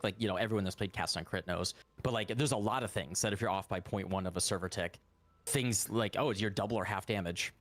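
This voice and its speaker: A man's voice: lowish voice, no room sound. A man talking casually on a live stream about the tool he is building, rambling and laughing often. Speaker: guest developer of a game tool.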